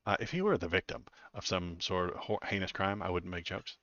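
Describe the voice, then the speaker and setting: Deep-voiced guy streaming political takes, dry and sardonic, lots of uh's, slightly dull mic. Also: animated, fairly bright tone, dry recording. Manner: sardonic, halting, many fillers and repeats. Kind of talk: live political commentary.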